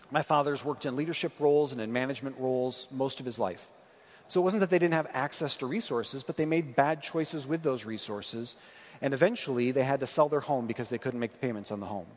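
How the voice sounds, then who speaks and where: Speaking briskly in a mid-range voice, this pastor delivers a sermon in a conversational style, quoting scripture and putting questions to the congregation. The recording carries a long hall reverb.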